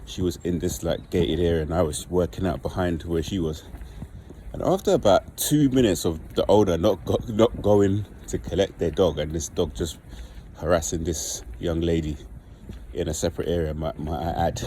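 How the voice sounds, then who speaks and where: A man with a low, deep voice talks straight to his viewers in a loose, rambling vlog. He leans on "like" as he works through what happened. Steady traffic noise carries behind him. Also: normal speed, rough recording. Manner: rambling, informal, heavy use of "like". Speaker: vlogger. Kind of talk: casual storytelling monologue.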